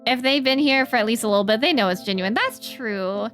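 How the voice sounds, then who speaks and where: Chatty young woman streamer, higher voice. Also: brisk, fairly bright tone. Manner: chatty and earnest, with playful silly noises. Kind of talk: casual chat with stream chat. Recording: faint music behind the voice.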